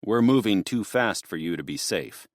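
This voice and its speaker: A man's voice: lowish voice, animated, normal speed, dry recording, clean studio sound, natural voice. A man voicing a large middle-aged police officer who speaks bluntly and plainly. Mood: gruff, blunt. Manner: blunt, matter-of-fact.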